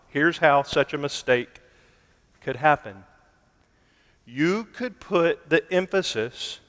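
A man preaching with a slightly high voice, slow and deliberate, leaning hard on single words. His sermon rings out with a long hall reverb behind it. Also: fairly bright tone, clear, resonant tone. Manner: deliberate, emphatic preaching with dramatic slowdowns.

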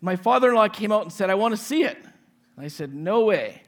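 A pastor in his forties preaches with a fairly high voice. He tells a personal story, acting out each person's lines with animation before turning to scripture. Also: lively intonation, fast, fairly bright tone. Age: 40s.

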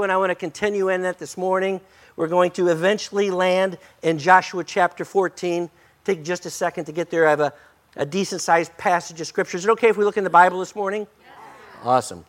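Older male pastor, high-pitched, slightly hoarse. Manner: folksy, joking, energetic. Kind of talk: sermon.

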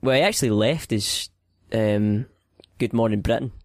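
A man's voice: on the low side, normal speed, darkish tone, dry recording. Musing man with a dry close sound. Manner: musing, swears casually. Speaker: podcast co-host. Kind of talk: casual live-stream chat.

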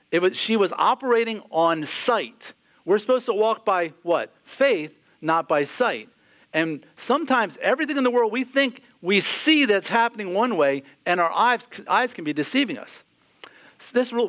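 High-voiced man preaching a lively sermon. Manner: animated storytelling, acts out quotes, asks the crowd questions. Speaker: pastor. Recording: slightly dull lo-fi sound.

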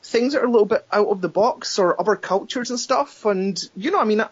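A Scottish documentary maker on a podcast, ranting and swearing casually, with many restarts and fillers. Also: male voice, sits high, a little fast, husky. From Scotland. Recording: dull lo-fi podcast audio.

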